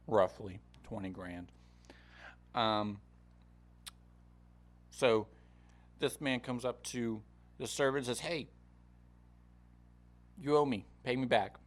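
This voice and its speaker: Gravelly casual male Bible teacher. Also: fairly low pitch. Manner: loose, chatty retelling with many fillers. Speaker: podcast host.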